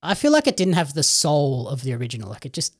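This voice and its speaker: A man co-hosting a casual film review podcast, speaking in a relaxed, agreeable way with lots of fillers. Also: mid-range voice, quick pace. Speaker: co-host commentator.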